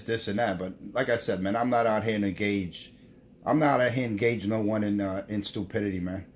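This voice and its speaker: A man's voice: fairly low pitch, a little hiss or hum. A man chatting over CB radio, repeating himself and tacking "man" onto his lines. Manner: drawn-out, repetitive, ends lines with "man". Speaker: CB radio operator. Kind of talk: on-air CB radio banter.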